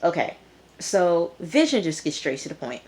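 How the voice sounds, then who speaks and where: A woman's voice: on the low side, big pitch swings, normal speed, a little mellow. A woman giving a casual recap of a TV episode, exclaiming and talking straight to her viewers. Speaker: TV episode reviewer.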